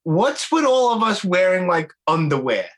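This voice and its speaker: Bright, high-voiced podcast host man. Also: very animated, normal speed. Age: 40s. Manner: blunt, profane, laughs easily, calls people "bro" and "man". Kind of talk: casual chat.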